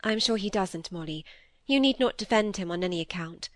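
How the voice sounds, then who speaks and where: A woman's voice: medium pitch, animated, brisk, no echo, clean studio sound, close to an everyday voice. A woman reading the part of a tired, bitter young woman who speaks wearily. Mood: weary. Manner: weary, bitter.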